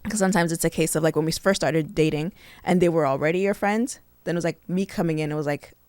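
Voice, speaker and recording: A woman's voice: deep voice, quick pace, a little mellow, no room sound. A woman co-hosting a podcast, chatting casually and expressively, laughing easily. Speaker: podcast co-host. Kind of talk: casual chat.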